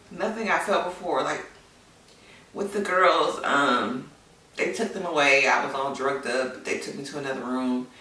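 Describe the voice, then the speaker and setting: A woman's voice: low voice, pushed and bright. A woman candidly telling a personal story in a chatty way, with many fillers. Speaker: vlogger, new mother. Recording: echoey room, mic at a distance.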